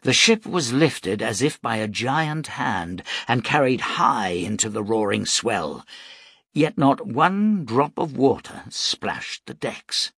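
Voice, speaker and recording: A man narrating an audiobook in a measured, dramatic storytelling manner. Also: medium pitch, sing-song, fairly bright tone, slightly rough, no echo, studio quality.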